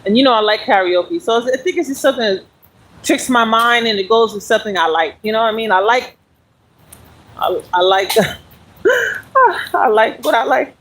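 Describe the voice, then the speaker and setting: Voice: mid-range voice, very animated, moderate pace, long pauses, fairly bright tone, poor audio. A speaker in their forties, rambling casually on a live stream while walking and exercising outdoors, talking into a handheld phone. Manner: chatty and meandering, talks while walking and exercising. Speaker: livestreamer.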